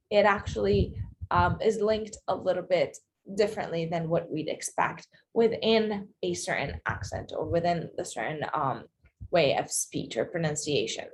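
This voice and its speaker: Casual woman ESL teacher, mid-range voice, explains step by step, checks in often; faint hiss on the recording. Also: medium pitch. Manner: explanatory, checks in with "okay" and "all right". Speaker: English pronunciation teacher. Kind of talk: casual video lesson.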